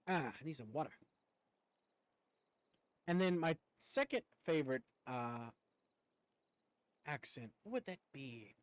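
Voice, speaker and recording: A man's voice: fairly high pitch, expressive, takes it slowly, long pauses. A man from the United States chatting casually on a live stream, rambling and cursing offhandedly.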